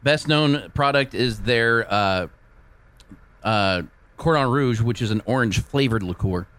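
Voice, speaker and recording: A man's voice: medium pitch, unhurried. A man co-hosting a sports radio show, reading the day's events and teasing his co-hosts with a laugh. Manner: animated, teasing, laughs often. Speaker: co-host reading the day in history. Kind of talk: casual sports radio banter.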